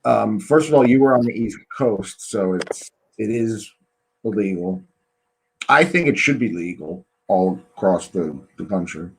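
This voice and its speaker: A man's voice: lowish voice, animated, a little slow, gravelly, rough recording. A man hosting a podcast interview, telling frank stories in casual chat with many fillers. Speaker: podcast host.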